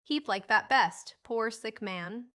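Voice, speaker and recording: A woman's voice: a little high, slow, pushed and bright, no room sound, studio quality. A woman voicing a small, stubborn little girl who speaks earnestly and insists on her point in a storybook reading. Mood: earnest child.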